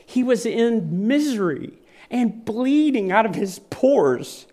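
A man's voice: very high-pitched, very animated, takes it slowly, dark tone. A man preaching a sermon in an earnest, vivid manner, often repeating phrases for weight.

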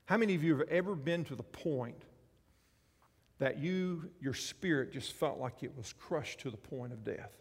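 A male pastor preaching a sermon, animated, swinging between loud passages and soft ones. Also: on the high side, normal speed, husky, long reverb tail.

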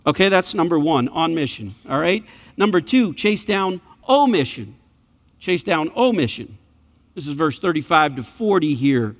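Animated preacher in a reverberant church. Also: male voice, a little high, normal speed. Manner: animated, acts out voices in scripture scenes. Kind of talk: sermon. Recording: muffled church hall reverb.

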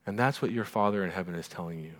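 In a church sanctuary, a middle-aged male pastor with a low-pitched voice preaches a sermon in a relaxed, conversational way. He often checks in with the congregation through quick asides, and the long reverb of the church hall fills the recording.

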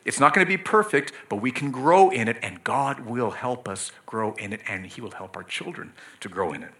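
A man's voice: medium pitch, lively intonation, normal speed, a bit bright. A middle-aged pastor preaching a sermon, speaking earnestly and directly to the children and parents in his church.

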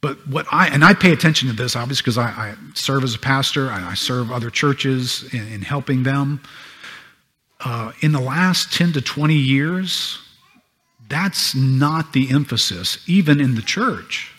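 A man serving as a pastor, preaching a sermon with emphatic stresses and quieter asides. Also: mid-range voice, moderate pace, breathy edge, in a large hall.

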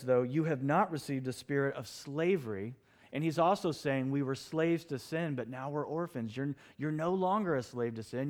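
A middle-aged man preaching in a church sanctuary, with a voice pitched a touch high for a man. He tells stories with lively energy and acts out his own shouted lines. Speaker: pastor. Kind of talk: sermon.

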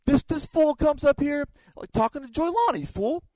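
Man doing a loud brash cocky young guy. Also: very high-pitched, expressive, normal speed, no room sound, voice pushed up. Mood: brash swagger. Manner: shouting, brash, talks about himself in third person.

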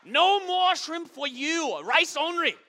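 A man's voice: extremely high pitch, big pitch swings, slow pace, pushed and bright, voice pushed up, full character voice. A man voicing a brusque male restaurant worker who gives clipped orders in broken English. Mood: shooing.

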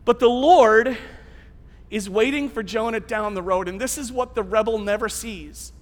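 A man preaching a sermon as a pastor, telling the story in an animated, conversational way. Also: sits high, moderate pace, big-room sound.

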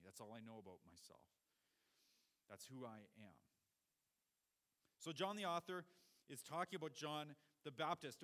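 A man with a slightly high voice gives a teaching sermon. He walks his listeners through scripture verse by verse, in a patient, explanatory style. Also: a bit bright. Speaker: preacher.

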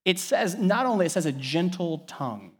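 A man preaching a sermon as pastor, animated and conversational, swinging between soft asides and loud emphasis. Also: high voice, normal speed, breathy edge. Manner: animated, varies loudness widely, conversational asides.

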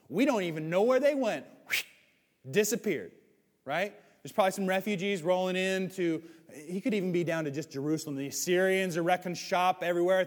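High-voiced preacher with hall echo. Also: male voice. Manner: animated, swings from loud to hushed, acts out quotes. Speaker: pastor. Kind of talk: sermon. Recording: hall reverb.

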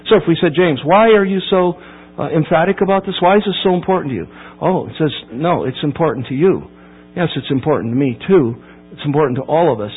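A man preaches, working through a scripture verse with emphatic build-ups and sudden quiet drops. His voice sits a touch high for a man and comes through husky. The recording is thin and phone-like, with a steady mains hum underneath. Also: fast talker. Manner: emphatic, rising to near-shouting at key points. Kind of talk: sermon.

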